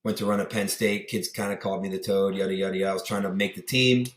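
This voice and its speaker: A young man, a podcast guest from the Pittsburgh area, USA, speaks at a quick pace in a low-pitched voice with fairly even intonation, and the sound is reverberant. He chats casually, rambling through stories with lots of fillers and impersonating the people he quotes.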